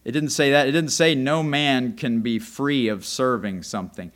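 A man preaching a sermon, swinging from quiet, low asides to loud emphatic calls, joking and putting rhetorical questions to the congregation. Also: normal speed. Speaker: pastor.

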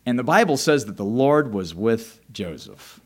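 A man preaching a sermon as a pastor, telling a story in an animated, conversational way. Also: mid-range voice, moderate pace, breathy edge. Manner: animated, conversational, often restarts.

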